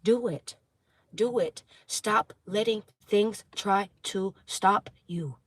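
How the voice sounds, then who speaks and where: A woman giving a tarot reading to her viewers, preaching intensely, swearing, and apologizing for getting loud. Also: medium pitch, slow pace, slightly rough, dry recording. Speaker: tarot reader.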